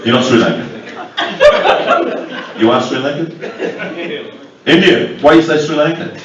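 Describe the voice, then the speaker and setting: A man's voice: a little high, measured pace, muffled recording, very noisy. A man doing an abrasive, crude stand-up set with lots of crowd-work. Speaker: stand-up comedian. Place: club function room with a live audience. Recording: distant mic in a crowded echoey club. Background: loud audience laughter.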